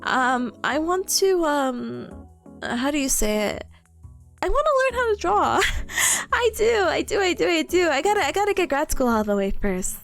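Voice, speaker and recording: A young woman streaming a casual chat, bubbly and giggly, stammering and squealing with excitement. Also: high-pitched, moderate pace, gravelly, soft background music.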